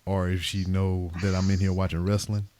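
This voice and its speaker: A man hosting a podcast, telling stories in casual chat with lots of swearing and animated retelling. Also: low-pitched, normal speed. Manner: profane, animated storytelling. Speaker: podcast host.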